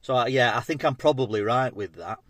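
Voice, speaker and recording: A man's voice: medium pitch, brisk, a bit bright, no echo. A man, chatting casually as he tastes and reviews food on his vlog. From England. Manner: chatty, matey, talks between bites. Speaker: food vlogger.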